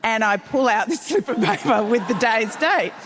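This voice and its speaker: A middle-aged Australian woman telling a comic story on stage at a live event, wry and animated, acting out the dialogue. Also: a little high, moderate pace, a crowd in the background. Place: large town hall stage before an audience. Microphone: stage mic. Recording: long hall reverb, live event.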